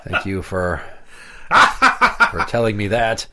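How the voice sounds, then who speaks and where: A man's voice: on the low side, fairly even intonation, slow, background noise. A male podcast host telling crude, sarcastic concert stories in casual banter. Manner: profane, sarcastic storytelling.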